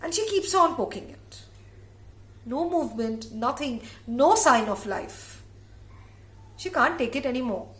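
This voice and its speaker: A woman's voice: sits high, animated, measured pace, pauses often. A woman storyteller recounting a myth in a dramatic way, repeating phrases for effect. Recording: echoey room.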